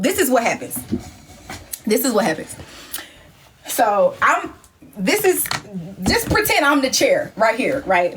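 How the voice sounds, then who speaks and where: A woman on a live stream telling a story, acting scenes out with swearing and laughter. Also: a little high. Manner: profane, laughing, acts scenes out. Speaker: livestream host.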